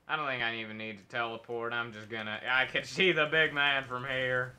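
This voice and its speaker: A man's voice: medium pitch, steady tone, brisk, hardly any pauses, pushed and bright. A man streaming a video game, talking casually and joking in a rambling, mock-patriotic way. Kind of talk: casual gameplay commentary.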